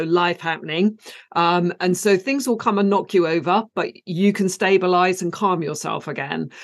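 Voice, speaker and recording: A woman with a British accent, an acupuncturist guest calmly explaining things step by step. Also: lowish voice. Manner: calm, measured, step-by-step explaining. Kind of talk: explanatory interview answer.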